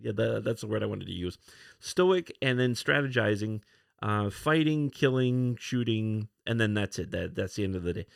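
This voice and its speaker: A man's voice: fairly low pitch, expressive, moderate pace, creaky, dry recording, studio quality. A man hosting a casual solo podcast, rambling through a comic review with many restarts and fillers. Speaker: podcast host.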